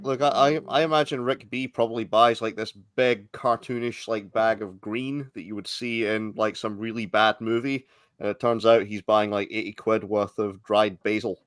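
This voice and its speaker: A man's voice: lowish voice, fairly even intonation, moderate pace, no echo. A man in casual stream chat making dry mocking jokes.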